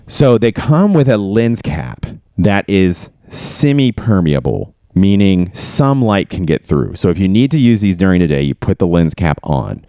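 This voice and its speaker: Lowish voiced guy swearing a lot while telling army stories, dry close sound. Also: normal speed, hardly any pauses, dry recording. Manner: profane, animated storytelling. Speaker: podcast host. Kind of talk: casual storytelling chat.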